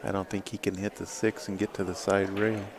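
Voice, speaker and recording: A man giving measured, laid-back play-by-play commentary on a pool match. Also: sits low, level tone, background noise.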